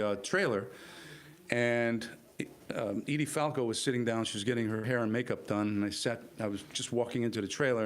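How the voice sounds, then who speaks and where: A middle-aged man, an actor guest, telling stories in a lively, expressive way. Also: medium pitch. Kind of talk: casual storytelling.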